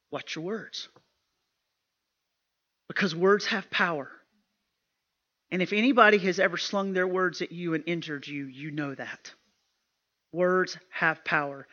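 A woman's voice: fairly low pitch, sharp tone, muffled recording. A woman speaking at a women's retreat, preaching emphatically and often repeating herself in a plain, homespun way. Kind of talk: sermon.

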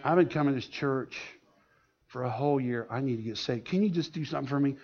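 Man doing a crying lady voice, low and hushed, pleading, lo-fi sound. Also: fast talker, close to an everyday voice. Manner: quiet, pleading. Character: tearful grown woman, pleading softly. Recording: dull lo-fi sound.

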